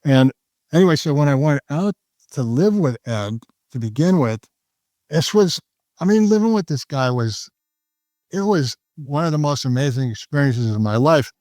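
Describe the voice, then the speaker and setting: A man's voice: a little high, lively intonation, moderate pace, darkish tone, no echo, clean studio sound. An older man, a trader guest, telling a story in a casual, rambling way with many restarts and fillers.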